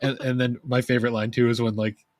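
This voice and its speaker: A young man co-hosting a podcast, telling stories in a rambling, animated way. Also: medium pitch, fast talker, no room sound. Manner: rambling, animated storytelling with laughs. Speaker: podcast co-host. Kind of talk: casual chat.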